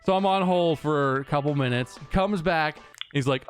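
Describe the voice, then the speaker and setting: A man's voice: on the high side, moderate pace, clean tone, no echo, faint music behind. A man telling a long exasperated story on a podcast, swearing often and acting out both sides of the conversation. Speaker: podcast co-host. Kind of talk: casual storytelling rant.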